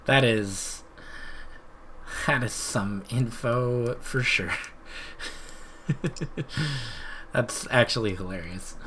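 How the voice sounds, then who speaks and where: Speaking slowly in a medium-pitched voice that sounds pushed and bright, a man hosts a live stream. His chat is relaxed and meandering, sprinkled with frequent laughter, and there's a little background noise.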